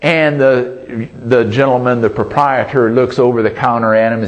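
A man's voice: mid-range voice, steady tone, normal speed, few pauses. A man preaching a sermon in a folksy storytelling way, restarting his phrases and calling "Amen?" to the congregation.

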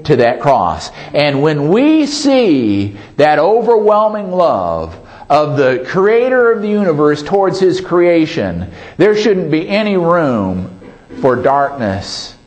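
A man's voice: fairly high pitch, wildly swooping pitch, slow, darkish tone. A male pastor preaching a sermon in a folksy way, often asking the congregation "Amen?" and joking at his own expense. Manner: self-deprecating humor.

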